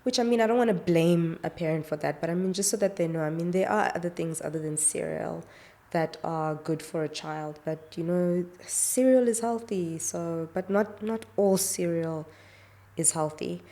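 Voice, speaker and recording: A woman speaking as a pediatrician guest in a relaxed, chatty way, with plenty of fillers. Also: lowish voice, moderate pace. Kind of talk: casual explanatory chat.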